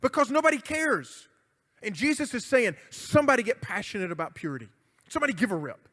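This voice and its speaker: Guy preaching to youth, high voice, jokey but emphatic, echoey church hall. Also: big pitch swings, fast talker, fairly bright tone. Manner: emphatic, conversational preaching with jokes. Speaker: youth pastor. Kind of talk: sermon.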